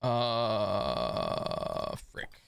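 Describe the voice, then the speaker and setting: A man streaming a strategy game live, swinging between excited shouts and quiet muttering, scolding his chat. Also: lowish voice, very slow, vocal fry, smooth, no echo, clean studio sound. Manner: swears mildly, talks to chat.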